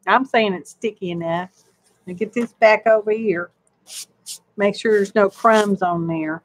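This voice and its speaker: Slow-talking woman crafting live. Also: mid-range voice, no room sound. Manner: homey, rambling, talks to herself and viewers while working. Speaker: crafting channel host. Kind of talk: live-streamed craft demonstration, chatty.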